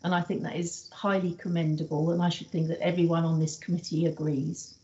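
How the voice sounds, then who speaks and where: A woman councillor speaks earnestly in an online meeting. Her tone is mellow, and the video call audio sounds dull. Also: fairly low pitch, level tone, a little fast. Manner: warm, earnest praise.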